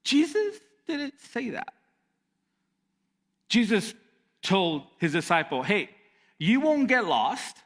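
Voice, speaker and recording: Man, pastor, sermon, lively swooping pitch, repeats for emphasis, long church-hall reverb. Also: takes it slowly, pauses often. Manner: animated, repeats lines for emphasis.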